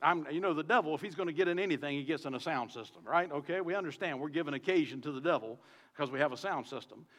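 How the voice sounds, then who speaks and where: A man's voice: on the high side, fast talker, a bit bright, long reverb tail. A man with a Southern US accent, a pastor preaching a sermon on a microphone in his church, talking to the congregation in a conversational way with many rhetorical questions. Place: church sanctuary.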